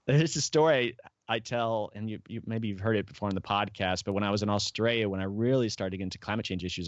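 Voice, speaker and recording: A man's voice: on the low side, dry recording. Rambling middle-aged man, dull dry audio. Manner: rambling storyteller, acts out quoted voices. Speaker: podcast guest. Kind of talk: casual interview talk.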